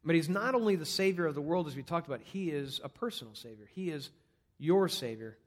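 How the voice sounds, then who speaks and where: High-voiced male pastor preaching. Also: animated, fairly quick. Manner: earnest, conversational preaching with numbered points. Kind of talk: sermon.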